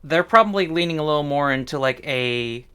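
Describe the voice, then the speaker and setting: A man's voice: a little high, lively intonation, brisk, sharp tone, clear, resonant tone. A man with a Midwestern American accent chatting casually on a livestream, musing and playful. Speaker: streamer.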